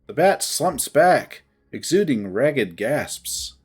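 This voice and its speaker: Slow, breathy first-person storyteller. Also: mid-range voice, very animated. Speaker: storyteller reading a visual novel. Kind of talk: dramatic first-person reading.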